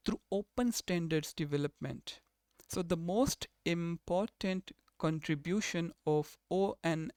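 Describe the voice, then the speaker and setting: Man lecturing with a crisp, dry voice. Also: a little high, no room sound. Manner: explanatory, restates terms and rephrases often. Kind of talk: recorded university lecture.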